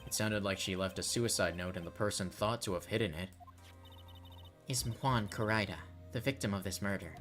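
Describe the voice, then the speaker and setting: Guy reading as a calm lady lawyer mentor, measured and explaining, low voice, music faint behind. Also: lightly acted. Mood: reasoning. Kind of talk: reading game dialogue aloud.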